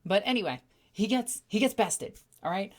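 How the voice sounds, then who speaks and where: A woman chatting casually on a livestream, telling stories with animated energy and reading out viewer messages. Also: medium pitch, normal speed. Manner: excitable, animated storytelling with acted-out voices. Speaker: streamer.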